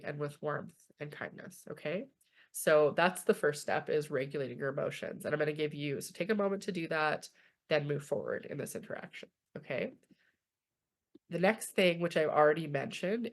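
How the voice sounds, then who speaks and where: A young Canadian woman presenting a webinar from home, talking informally and often checking in with "okay?". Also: low voice. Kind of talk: online webinar lecture.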